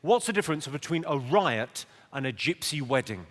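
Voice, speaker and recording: A man with a southern English accent doing stand-up in a large theatre, trading dry, deadpan one-liners and teasing the crowd. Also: a little high, moderate pace. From England. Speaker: stand-up comedian. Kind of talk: stand-up comedy with crowd work.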